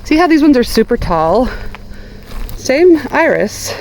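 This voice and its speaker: A middle-aged woman who runs a gardening vlog chats to viewers as she cuts flowers in her outdoor garden, filmed by a tripod-mounted camera, gushing over the blooms in casual vlog fashion. Her voice is high, very animated and darkish in tone, with a measured pace. The recording is rough, with slight background noise.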